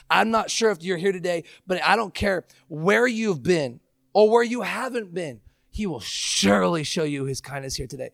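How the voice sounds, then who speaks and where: A man's voice: on the high side, animated, normal speed, vocal fry, a bit bright, dry recording, clean studio sound. A male pastor preaching an impassioned, emphatic sermon, mixing scripture with casual slang.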